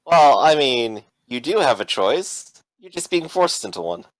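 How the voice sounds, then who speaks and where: A man runs a tabletop role-playing game, narrating and calling for rolls in a relaxed, joking way. His pitch moves a lot as he talks. The recording is close and dry. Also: measured pace, no room sound, poor audio. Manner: relaxed, joking, with many fillers. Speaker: game master.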